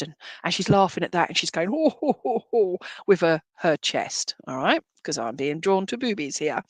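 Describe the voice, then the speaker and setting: A woman's voice: on the low side, no room sound. Chatty woman medium, dry close sound. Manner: chatty, affectionate, addresses people as "my lovely"; rambling, restarts often. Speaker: spiritualist medium. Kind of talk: live-streamed mediumship reading.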